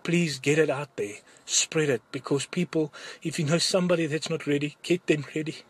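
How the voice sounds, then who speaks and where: A man giving an urgent, earnest testimony to his church, halting and often repeating his words. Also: a little high, husky. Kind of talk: urgent spoken testimony to a congregation.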